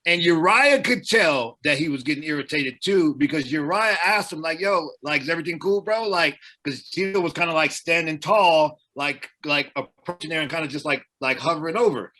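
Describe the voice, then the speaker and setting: A man telling a story in a casual podcast chat, rambling and animated, filling his talk with "like" and acting out what others said. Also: a little high, moderate pace, hardly any pauses. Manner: animated, rambling, heavy use of "like", acts out others' lines.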